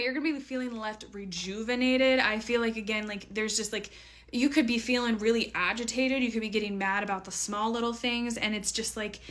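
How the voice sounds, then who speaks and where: A woman's voice: on the high side, a little fast. A woman giving a casual, chatty tarot reading to her viewers, full of fillers and playful asides. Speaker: tarot reader.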